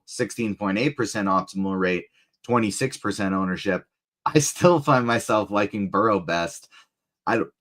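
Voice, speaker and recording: Male host, lowish voice, brisk and organized casual chat. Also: fairly bright tone. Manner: brisk and organized, runs the show. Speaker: fantasy sports show host. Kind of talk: casual live-stream chat.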